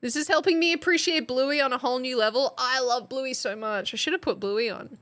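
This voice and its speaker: A woman's voice: sits high, brisk, a bit bright. An Australian woman chatting casually on a live stream, quizzing her chat like a teacher. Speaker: substitute streamer.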